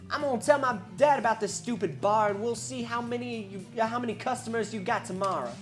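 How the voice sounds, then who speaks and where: A woman voicing a loud, bratty underage boy throwing a tantrum in a game. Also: a little high, brisk, faint music behind, voice pushed up, close to an everyday voice.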